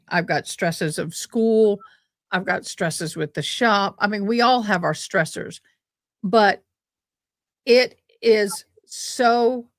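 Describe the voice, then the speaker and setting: Woman hosting a relaxed livestream chat, speaking slowly in an unhurried drawl, rambling along and breaking off into exclamations. The sound is dry and close, with little room tone around her voice. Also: medium pitch, no room sound. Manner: rambling, exclaiming, self-interrupting. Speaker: livestream host.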